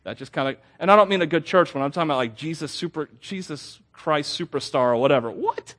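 Young male pastor, higher-pitched, animated, self-mocking sermon storytelling. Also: fast talker. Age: young adult.

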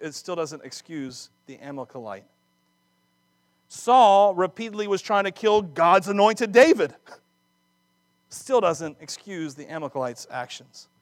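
A man preaching a sermon, acting out scripture dramatically with laughs and quick asides. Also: high voice, no echo. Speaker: pastor.

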